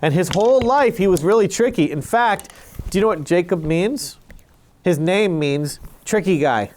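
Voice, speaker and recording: Animated woman telling kids a story. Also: fairly low pitch, normal speed, slight background noise. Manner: animated, lots of quoted voices, hushes a child. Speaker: storyteller for children. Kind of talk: playful Bible story for kids.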